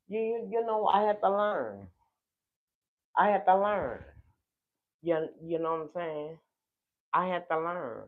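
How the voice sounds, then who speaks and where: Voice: medium pitch, creaky. A speaker from New Orleans with a New Orleans accent, telling a heartfelt personal story straight to the viewers of a livestream. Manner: emotional, drawn-out, talks straight to the audience. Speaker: livestream host. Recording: tinny phone-like livestream audio.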